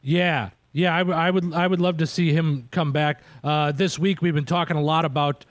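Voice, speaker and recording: A man's voice: a little high, fairly even intonation, normal speed, dry recording. A man hosting a casual interview, a comedian himself, chatting and asking eager questions. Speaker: host and comedian.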